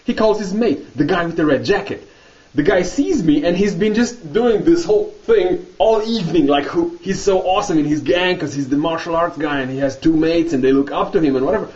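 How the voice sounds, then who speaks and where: A man vlogging, telling a story in a casual, animated monologue and laughing often. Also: a little high, fairly quick, distant mic, highs cut off.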